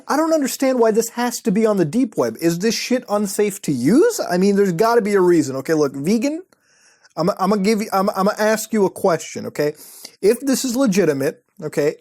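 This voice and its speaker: Dude doing sarcastic commentary on sketchy websites, swears a lot, mocking. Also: male voice, high voice, darkish tone, no room sound, studio quality. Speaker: host.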